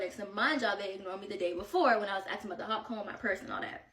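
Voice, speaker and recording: A woman's voice: on the high side, quick pace, few pauses, echoey room, distant mic. A woman telling a vacation drama story in a casual storytime, slangy and exasperated, a bit out of breath. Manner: animated, slangy, exasperated retelling.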